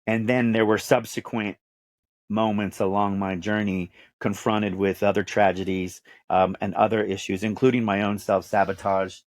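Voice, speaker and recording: A low-voiced Texan man in his fifties tells his own story with earnest, emphatic conviction. He leans on repeated phrases to drive each point home. The sound is close and dry. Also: flat delivery, normal speed, no room sound. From Dallas, Texas. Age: 50s. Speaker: podcast host interviewed. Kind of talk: candid personal storytelling.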